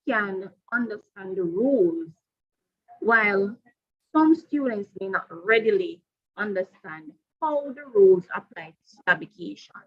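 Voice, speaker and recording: A woman presenting a professional development workshop to teachers, deliberate and repeating her key points. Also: fairly high pitch, husky, muffled recording.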